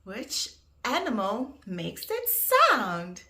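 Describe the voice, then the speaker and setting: A woman teaching toddlers in a slow, exaggerated, sing-song way, gasping and making animal sounds. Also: a little high, wildly swooping pitch, pushed and bright. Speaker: children's educator. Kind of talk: toddler learning video.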